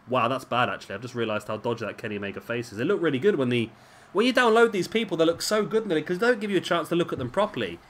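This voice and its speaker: A man's voice: on the high side, animated, racing, fairly bright tone. A man giving casual, rambling commentary over a wrestling video game, with chatty, self-deprecating asides. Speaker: gameplay commentator. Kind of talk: casual let's-play commentary. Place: at home, drinking beer while recording.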